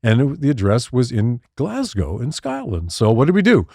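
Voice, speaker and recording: Pria tua bercerita dengan nada hidup. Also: male voice, moderate pace, creaky, no room sound, studio quality. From United States. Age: older. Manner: animated storyteller, lively pitch swings, laughs often. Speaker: podcast co-host. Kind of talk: casual chat.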